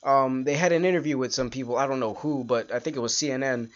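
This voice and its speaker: A man hosting his own podcast, ranting in a frustrated, halting way with sighs and restarts. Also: mid-range voice, muffled recording. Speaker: podcast host. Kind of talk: solo podcast rant.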